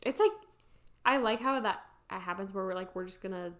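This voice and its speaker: A young woman co-hosting a podcast, chatting casually and telling animated stories with laughter. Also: medium pitch, fairly quick. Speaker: podcast co-host. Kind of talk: casual fan chat.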